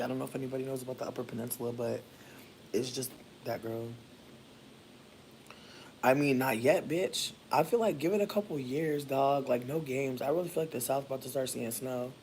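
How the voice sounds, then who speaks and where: A man from Michigan chatting casually with viewers while doing his hair, playful and profane, with sudden jumps into high squeals. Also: steady tone, a little fast, a little mellow, slight background noise. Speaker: livestreamer.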